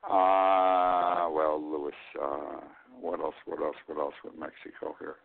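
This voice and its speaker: A man's voice: extremely low pitch, little pitch movement, slow, vocal fry. A man in his eighties, an older host giving a blunt, rambling monologue of political commentary. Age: 80s. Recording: tinny phone-like line.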